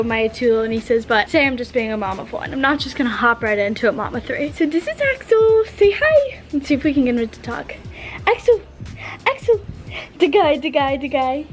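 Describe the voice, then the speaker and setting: A young woman vlogging casually, bubbly and giggly, slipping into a sing-song voice for a baby and getting out of breath. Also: high voice. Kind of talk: casual vlog narration.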